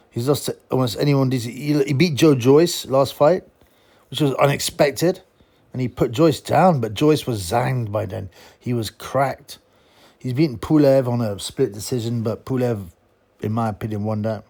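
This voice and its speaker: A man's voice: medium pitch, a little mellow. A man giving a blunt, mocking, casual monologue as a boxing commentator. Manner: blunt, mocking, chuckling asides.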